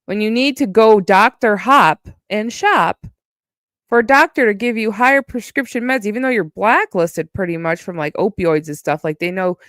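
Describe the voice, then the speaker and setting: A woman's voice: mid-range voice, normal speed, fairly bright tone, no room sound, clean studio sound. A woman streamer ranting on a casual livestream, heated and profane, with a mocking edge.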